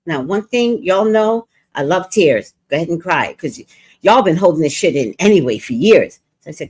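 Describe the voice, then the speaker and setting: On a casual livestream, a woman chats with viewers and tells brash, profane stories with animated energy. Her voice is deep and a little breathy, her pace moderate, and she comes through a streaming setup as host and reader.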